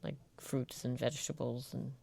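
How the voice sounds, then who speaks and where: A woman's voice: extremely low pitch, steady tone, moderate pace, creaky, dark tone, breathy edge, dry recording. A woman co-hosting a casual talk show, chatty and wry, often trailing off mid-thought. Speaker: podcast co-host. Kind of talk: casual chat.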